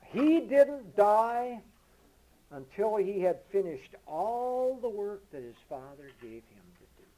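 A man preaching a sermon at an unhurried, deliberate pace. His voice is mellow and warm, and his pitch moves in lively swings. He reads scripture aloud slowly, with heavy emphasis. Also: rough recording. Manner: emphatic, swinging from loud declarations to low murmurs.

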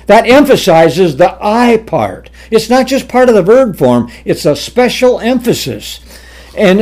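A man preaching a sermon, reading scripture aloud and explaining it deliberately with frequent fillers and restarts. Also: high-pitched, a little mellow.

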